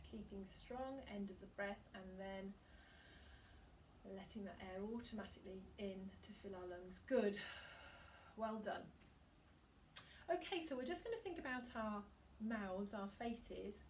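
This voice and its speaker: A woman singing teacher gently guiding a breathing and vocal warm-up, giving calm, encouraging instructions. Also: mid-range voice, a little slow, distant mic, slight background noise.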